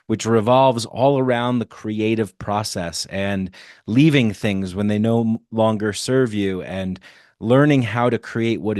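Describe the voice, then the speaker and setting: A man's voice: lowish voice, a little mellow, dry recording. A man hosting his own podcast, introducing the episode in a jokey, self-deprecating, rambling way on a close microphone. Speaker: podcast host. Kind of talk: casual solo podcast intro.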